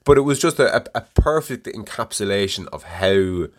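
A middle-aged man hosting a podcast, telling a story in a casual, profane and animated way. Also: on the low side, moderate pace. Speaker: podcast host. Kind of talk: casual monologue.

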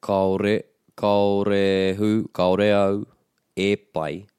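Low-voiced New man teaching phrases. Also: extremely slow, smooth, no echo, clean studio sound. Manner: explains phrases, models them with expressive intonation. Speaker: te reo Māori teacher. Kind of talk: conversational language lesson.

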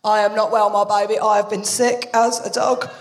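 A woman's voice: mid-range voice, level tone, normal speed, pitched below the performer's own voice, close to an everyday voice. A woman putting on a brash, dramatic older mum.

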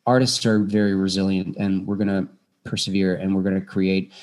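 A man talking as an actor guest in a casual podcast chat, animated, with frequent restarts and fillers. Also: deep voice, fairly quick. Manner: animated, many restarts and fillers, jumps into quoted voices.

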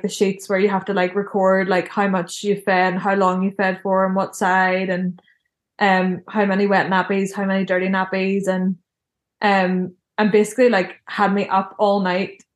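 A woman's voice: medium pitch, reverberant. A young woman telling a personal story in a casual, chatty way, filling her speech with "like". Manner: chatty, heavy use of "like" fillers.

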